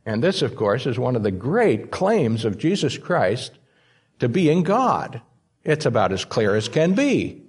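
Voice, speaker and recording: A man's voice: mid-range voice, husky. A man preaching a sermon, stressing key words by repeating them. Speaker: pastor.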